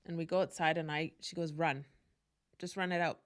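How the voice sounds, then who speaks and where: A woman's voice: low-pitched, steady tone, moderate pace. A woman hosting a podcast, telling a personal story in a casual, candid way with profanity and frequent asides. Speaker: podcast host.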